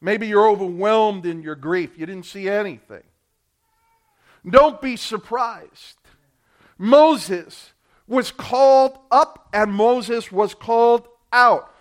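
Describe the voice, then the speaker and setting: High-pitched preacher guy, big loud and soft swings, acts out the voices. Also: slow. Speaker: pastor. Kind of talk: sermon.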